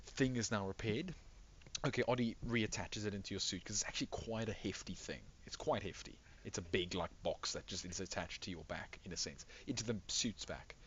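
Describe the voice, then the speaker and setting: A man's voice: on the low side, normal speed, fairly bright tone, muffled recording, a little hiss or hum. A man running a tabletop game, narrating in a rambling, restarting way over voice chat. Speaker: game master.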